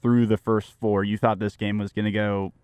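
Young man, radio co-host, lowish smooth voice, measured, lots of stats. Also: little pitch movement, darkish tone, dry recording. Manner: stat-heavy, measured. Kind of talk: casual sports talk radio chat.

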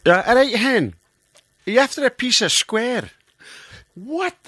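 A man's voice: very high-pitched, very animated, measured pace, a bit bright, dry recording, studio quality, pitched above the performer's own voice, heavily acted. A man voicing an older Scottish mother-in-law, homely and fussing, in a broad put-on Scottish lilt. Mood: coaxing.

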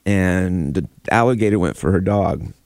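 A man's voice: deep voice, moderate pace, a little mellow, dry recording, clean studio sound. A man co-hosting a morning radio show, reading news and telling stories with a laugh. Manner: laughs through stories, playful storytelling. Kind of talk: casual morning radio banter.

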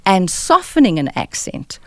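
South african woman, voice coach on the radio, clear and careful, bouncy pitch, dry studio mic. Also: huge pitch swings, measured pace, darkish tone, no room sound. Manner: clear, articulate, instructive. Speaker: dialect coach guest. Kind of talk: radio interview, explaining.

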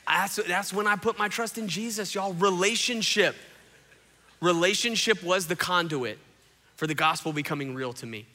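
A young man, a pastor telling his story in an animated sermon to a congregation, acting out the quotes. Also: sits high, moderate pace. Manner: animated, acts out quotes, addresses crowd as y'all. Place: church auditorium before a congregation. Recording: long hall reverb.

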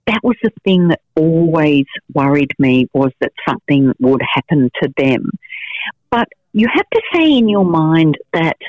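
Her voice is deep and sing-song, and she takes her time: a middle-aged investigative journalist giving storytelling answers as an interview guest, frank and full of fillers and restarts. The sound is narrow and tinny, with no echo.

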